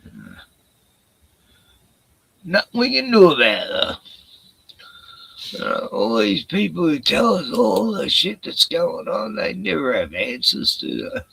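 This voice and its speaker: Gravelly Australian man ranting slowly. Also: on the high side, huge pitch swings, fairly bright tone, poor audio. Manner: profane, ranting, reads viewer comments aloud; drawn-out filler sounds and restarts. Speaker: livestream host. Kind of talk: rambling solo livestream chat.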